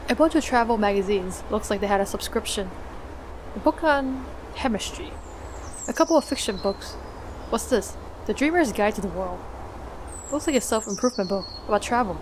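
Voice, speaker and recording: A woman's voice: medium pitch, lively intonation, brisk, background noise. A woman casually commenting on a game she plays, reacting with swearing and laughter. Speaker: let's play gamer.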